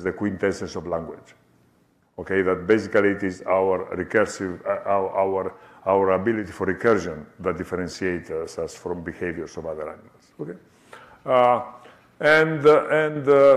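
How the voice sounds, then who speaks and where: An older man lectures in a slightly low voice. He stops and restarts often, fills pauses with "uh", and keeps asking his listeners "okay?". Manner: halting, many fillers and restarts, checks understanding with "okay?". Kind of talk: academic talk. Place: lecture hall.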